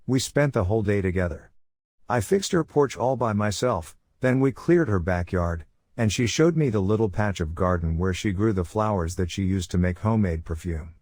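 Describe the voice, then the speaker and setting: A man narrating a first-person horror story in a measured, brooding way. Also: fairly low pitch, lively intonation, a little mellow, no echo, clean studio sound.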